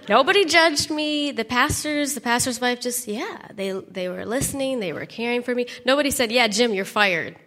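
Bright-voiced woman sharing a church testimony. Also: on the high side, moderate pace, long reverb tail. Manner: animated storytelling, laughing, whispered asides. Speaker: pastor's wife giving testimony.

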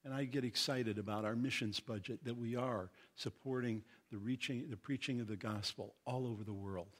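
A middle-aged man from Indiana preaching a sermon as pastor, earnest and teaching, reading scripture slowly with emphasis. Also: medium pitch, fairly even intonation, fairly bright tone.

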